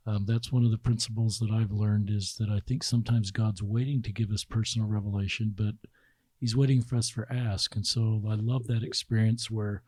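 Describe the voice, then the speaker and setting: A man hosting a podcast interview, reacting with short affirmations and offering calm, reflective comments. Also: on the low side, a little fast, husky, no room sound. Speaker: podcast host.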